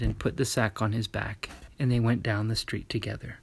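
A man narrating a storybook tale in a gentle, measured way. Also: on the low side, little pitch movement, vocal fry, slight background noise.

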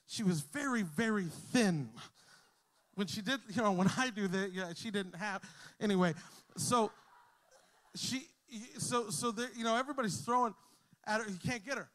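High-voiced male pastor preaching. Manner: storytelling, jokes with the crowd, builds to shouting. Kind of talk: sermon. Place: church hall with a congregation.

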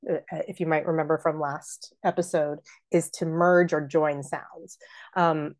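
A woman's voice: on the low side, a little mellow. A middle-aged woman hosting a podcast, chattily explaining how to speak verse, with lots of fillers. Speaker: podcast host and theater artistic director.

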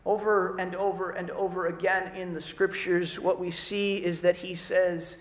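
A man's voice: sits high, level tone, a little slow, hardly any pauses. A man preaching a sermon to a church congregation in a conversational style, acting out the people he quotes. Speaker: pastor. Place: church worship service. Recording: roomy church hall.

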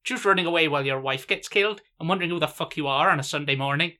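A man's voice: on the high side, rapid-fire, pushed and bright. A man delivering a sweary comic parody monologue in a rhythmic, listing cadence.

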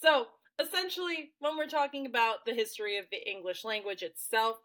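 A woman co-hosting a podcast in easy, chatty conversation. Her voice sits fairly high, and she breaks into laughter often between her thoughts. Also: fairly quick, a bit bright, low-quality recording. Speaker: podcast co-host. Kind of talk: casual podcast chat.

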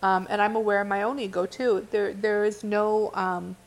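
A woman's voice: medium pitch, fairly even intonation, normal speed. A woman giving an earnest, impassioned spiritual monologue to her viewers. She talks bluntly, curses now and then, and restarts her sentences often with "like". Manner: blunt, with occasional cursing. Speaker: spiritual teacher.

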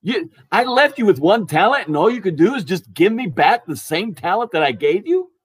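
A man putting on a loud exacting master. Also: high-pitched, big pitch swings, normal speed, slightly rough, heavily acted. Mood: scolding. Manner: emphatic, praising loudly then scolding. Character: demanding wealthy master, male, exacting.

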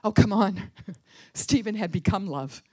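A woman preaching a sermon with a fervent, dramatic delivery, dropping to hushed tones and rising to crying out. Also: medium pitch, measured pace, slightly rough, no echo. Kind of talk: impassioned sermon storytelling.

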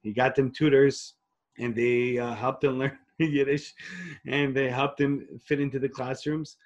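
Speaking a little slowly in a level, medium-pitched voice, a Queens, New York rabbi who leads an organization tells his story as an interview guest. He is earnest, full of restarts, and drops Hebrew and Yiddish phrases, while the recording has its highs cut off.

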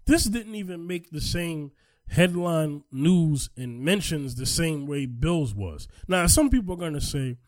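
Podcast co-host, man, slightly high voice, emphatic storyteller, dry mic. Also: lively intonation, measured pace, no room sound. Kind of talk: casual chat.

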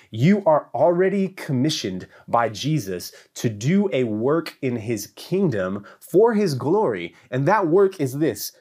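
Lively, emphatic preaching man. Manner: emphatic, repetitive preaching that swings between loud peaks and hushed lows. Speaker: church teacher. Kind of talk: sermon.

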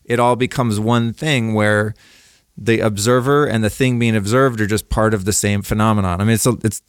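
A man's voice: lowish voice, steady tone, normal speed, clear, resonant tone, dry recording, clean studio sound. A man speaking as a podcast guest, telling personal stories in a candid, laid-back way and swearing freely. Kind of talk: casual conversational storytelling.

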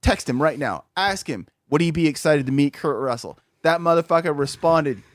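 A man with a fairly high voice co-hosts a loose podcast chat, rambling through stories with constant fillers and swearing. The sound is close and dry, with no room around it. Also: animated, normal speed, no room sound. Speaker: podcast co-host.

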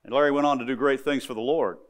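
A man's voice: mid-range voice, steady tone, quick pace. A middle-aged male pastor preaching a sermon, telling stories, repeating phrases and speaking directly to his congregation as he builds to emphatic points.

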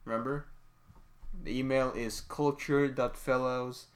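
A man's voice: medium pitch, steady tone. Laid-back male podcast host, rambling. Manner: rambling, laughing, quick restarts. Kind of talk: casual chat.

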